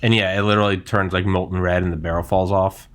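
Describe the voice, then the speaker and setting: A man's voice: sits low, flat delivery, fast. A man in casual podcast chat, profane and joking, slipping into mock old-timey voices.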